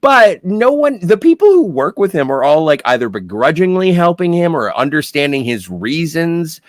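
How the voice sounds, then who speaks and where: An enthusiastic man cuts into a film chat with eager fan opinions, his voice jumping up and down in lively swings. He sits a touch high for a man, and the recording is dry with no room sound. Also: moderate pace, no echo. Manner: enthusiastic fan, excitable asides. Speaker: podcast co-host. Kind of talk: casual podcast chat.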